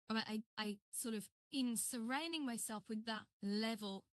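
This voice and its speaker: A woman's voice: a little high, normal speed, no echo. A woman chatting on a live stream as she builds, rambling and greeting viewers while she works. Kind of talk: casual live-stream chat.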